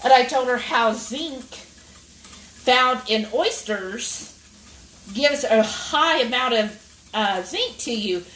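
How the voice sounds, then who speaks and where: A woman tells an animated story straight to her viewers while she cooks. Her voice sits a little high, and it sounds roomy and a step back from the mic. Faint sizzling from the pan runs underneath. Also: takes it slowly, recorded from a distance, a little hiss or hum. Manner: animated, addresses viewers directly. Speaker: cooking vlog host. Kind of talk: chatty storytelling while cooking. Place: home kitchen.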